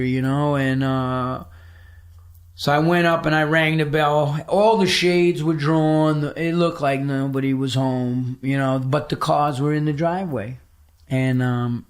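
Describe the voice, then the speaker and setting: A middle-aged man, a podcast guest telling a story in conversation, swearing freely and acting out the voices of the people he quotes. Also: mid-range voice. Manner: profane, animated, acts out quoted voices.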